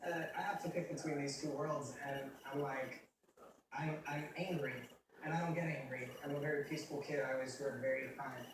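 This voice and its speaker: A man's voice: medium pitch, steady tone, fairly quick. A young man giving a candid personal testimony in a casual, rambling way, with self-deprecating humor and quotes he acts out. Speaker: testimony speaker. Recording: roomy, distant mic with noticeable background noise.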